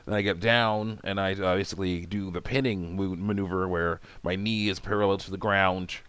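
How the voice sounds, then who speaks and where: A man's voice: deep voice, fairly even intonation, normal speed, fairly bright tone, clear, resonant tone, dry recording. A man chatting casually as host of a game video, rambling with many fillers and chuckles. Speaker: let's play video host.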